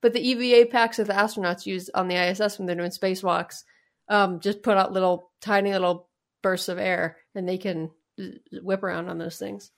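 A woman co-hosts a podcast in a wry, joking manner, breaking off to laugh. Her voice sits at an ordinary mid pitch. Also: fairly even intonation, brisk, creaky. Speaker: podcast co-host. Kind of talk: casual chat.

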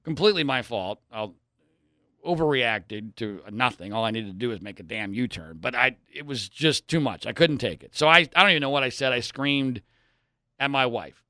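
A man, probably in his thirties, telling a personal story in an exasperated way, swinging between loud outbursts and low mutters. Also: animated, moderate pace, no echo, clean studio sound.

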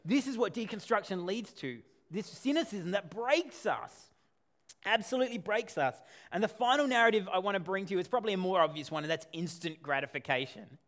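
A man preaching a sermon as a pastor, conversational and animated, with asides and rhetorical questions. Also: high voice, fairly quick.

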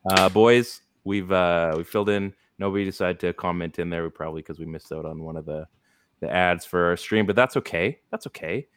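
A man's voice: low-pitched, fairly quick, smooth, dry recording, clean studio sound. A man hosting a casual sports podcast, rambling through advice with lots of fillers. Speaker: podcast host. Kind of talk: casual fantasy sports chat.

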